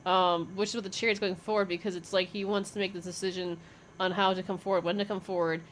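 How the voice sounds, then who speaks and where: A woman reads tarot cards in a relaxed, rambling way, pausing on "um" as she works out what each card means. She swears casually and breaks into quick laughs. Her pitch sits in the middle range, and a faint hiss runs under the recording. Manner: chatty, swears freely, laughs often, thinks aloud with fillers. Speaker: tarot reader.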